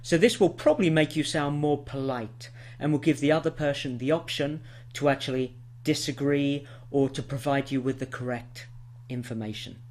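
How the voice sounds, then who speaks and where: A man giving an English lesson in a patient, explaining voice. His pitch sits in the middle of the range for a man, and he talks learners through each point clearly. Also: normal speed, darkish tone. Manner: clear, patient explaining with spoken example sentences. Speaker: English teacher. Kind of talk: scripted lesson to camera.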